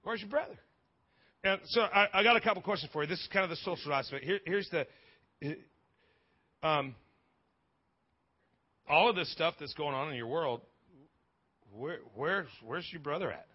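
A man preaching a lively sermon in a church, joking with the congregation and restarting his sentences often. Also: a little high, moderate pace, long pauses, husky, muffled recording. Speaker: pastor. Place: church sanctuary.

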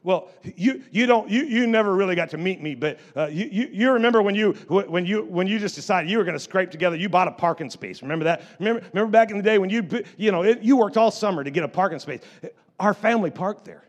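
A middle-aged man preaching a sermon in church, stammering through restarts and moving between quiet storytelling and loud exhortation. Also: sits high, animated, fast. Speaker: pastor.

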